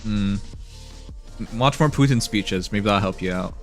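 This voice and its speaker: A man's voice: on the low side, measured pace. A man bantering casually with friends, making wry and provocative jokes. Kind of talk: casual group chat on a livestream. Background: faint background music.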